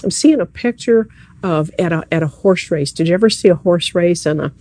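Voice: mid-range voice, brisk, dark tone, dry recording. A preacher giving a sermon at an evening church service, speaking earnestly and conversationally and addressing the listeners directly.

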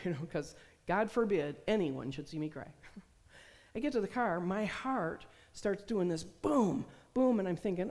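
A woman's voice: fairly low pitch, animated, brisk, a little mellow. A middle-aged woman preaching a sermon, telling stories and acting out the voices she quotes. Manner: storytelling, acts out quoted voices. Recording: long hall reverb.

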